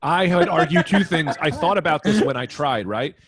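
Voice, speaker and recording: A man co-hosting a casual comedy podcast, telling jokey stories with quick asides. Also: a little high, expressive. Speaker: podcast co-host.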